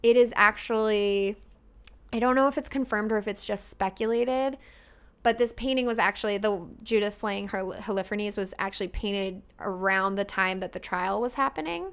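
Chatty excitable woman in her twenties. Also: medium pitch, moderate pace, clean tone. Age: 20s. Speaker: podcast guest co-host. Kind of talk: casual chat.

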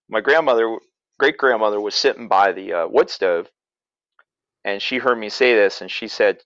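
A man's voice: medium pitch, moderate pace, fairly bright tone, no echo, dull audio. A man from Pennsylvania telling a family story in a casual, rambling way, with chuckles and self-corrections. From south-central Pennsylvania.

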